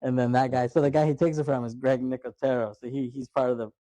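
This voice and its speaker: A man's voice: mid-range voice, level tone, fast, mellow, no room sound, rough recording. A man hosting a casual movie podcast, animatedly retelling scenes, acting out lines and laughing often. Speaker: podcast host.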